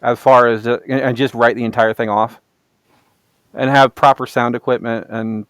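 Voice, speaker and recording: Blunt man with a smooth dry voice. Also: medium pitch, level tone, normal speed, no room sound. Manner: blunt, swears casually. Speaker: podcast host. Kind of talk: casual chat. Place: home basement room.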